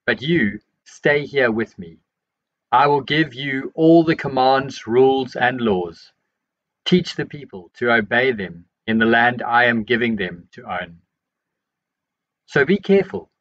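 A man reads scripture aloud at an even, unhurried pace, in a middle-pitched voice. The recording sounds a little dull and muffled. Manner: measured, steady reading voice. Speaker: Bible reader. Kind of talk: scripture reading.

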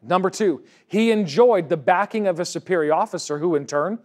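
A man's voice: high-pitched, a little fast. Man preaching a church sermon. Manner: preaching with Bible readings, emphatic and conversational. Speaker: pastor. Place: church service.

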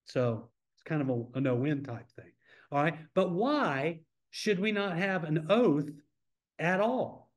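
A man leading a church Bible study in a relaxed, conversational way, asking the class questions as he teaches. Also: a little high, slow. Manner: informal, asks the class questions.

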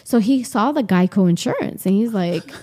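A woman in her forties, a guest on an interview show, telling a personal story in an animated way and acting out what people said. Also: medium pitch, moderate pace. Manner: animated, acts out quoted dialogue.

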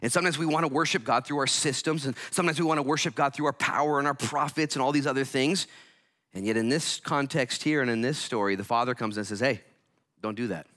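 A male pastor preaching a sermon, swinging from hushed lines to loud, energetic outbursts and acting out voices. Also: medium pitch, fast talker. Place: church.

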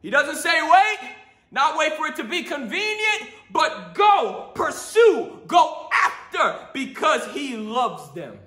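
A male pastor preaching a sermon, often shouting with emphasis, laughing between points, and asking himself questions. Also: extremely high pitch, sing-song, takes it slowly, few pauses, roomy sound. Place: church sanctuary.

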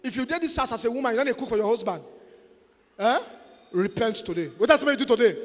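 A man with a Nigerian accent preaching a sermon, exhorting and playful, mixing in Pidgin and bursting into shouts. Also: very high-pitched, lively intonation, quick pace. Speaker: pastor. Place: church. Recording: echoey church hall.

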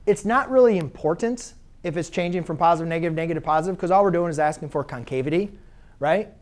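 Speaking fast in a fairly high-pitched voice, this math teacher keeps his classroom lecture conversational. He quizzes his students and fixes his own mistakes as he goes.

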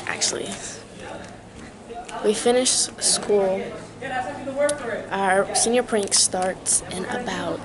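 Slow-talking teen girl vlogging at school. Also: medium pitch. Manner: laid-back, filler-heavy talk. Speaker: vlogger, graduating senior. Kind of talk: casual vlog chat. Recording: loud crowd chatter behind. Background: loud student crowd.

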